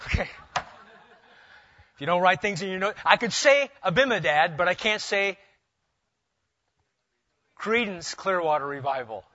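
A male pastor delivering a sermon, animated and asking his congregation questions. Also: high voice, unhurried, pauses often, no echo, muffled recording.

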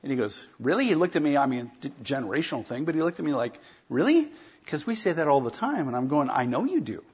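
Husky, fairly high-voiced man preaching. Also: animated, fast talker, lo-fi sound. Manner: conversational, asks rhetorical questions. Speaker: pastor. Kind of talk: sermon.

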